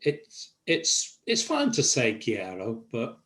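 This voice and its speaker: An older man teaching a Spanish class over a video call, pausing often with fillers. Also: medium pitch, wildly swooping pitch, a bit bright. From England. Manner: halting, many fillers. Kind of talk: online language lesson.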